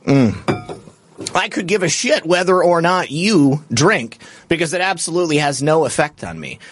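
A man's voice: fairly high pitch, animated, normal speed, a little hiss or hum. A man hosting a live stream, chatting casually, rambling, and answering viewers' comments. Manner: rambling, conversational, reads chat comments aloud. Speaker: show host.

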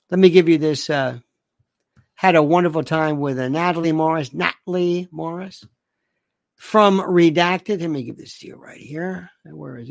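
A woman hosting a livestream, ranting animatedly and reading viewer comments aloud. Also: lowish voice. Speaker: livestream host. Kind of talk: casual livestream monologue.

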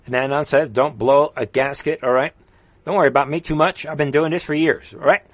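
A man's voice: a little high, fairly even intonation, brisk, no room sound. A man hosting a livestream, ranting in heated political commentary, straining his voice and reading viewer comments aloud. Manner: impassioned, ranting, repeats rallying calls. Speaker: livestream host.

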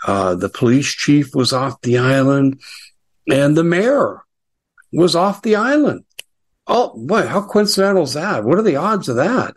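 A middle-aged American man hosting a casual political commentary show, chatty and sarcastic with frequent asides. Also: mid-range voice.

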